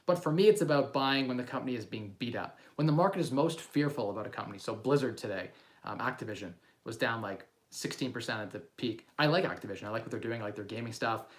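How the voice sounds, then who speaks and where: A man's voice: mid-range voice, expressive, fast. A man in his thirties from Canada, casually chatting on a livestream about investing and answering viewer questions in a loose, rambling way with frequent ums and restarts.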